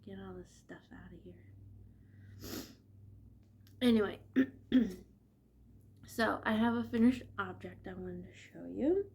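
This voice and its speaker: Middle-aged woman, unhurried, chatty knitting vlogger, stuffy from allergies. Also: medium pitch, a little mellow. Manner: chatty, laughs often, drifts off topic. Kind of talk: casual chat.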